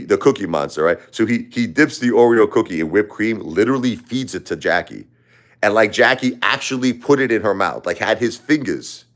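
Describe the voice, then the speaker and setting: A man hosting a live stream, telling a casual, rambling story full of asides and "you know"s. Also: sits low. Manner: rambling, digressive, frequent "you know" and "right?".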